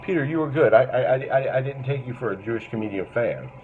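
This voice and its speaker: A man's voice: mid-range voice, expressive, fast. A man hosting a comedy show, delivering a crude, blustering monologue in a mock-bigoted persona. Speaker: host. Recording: tinny phone-like lo-fi sound with faint noise.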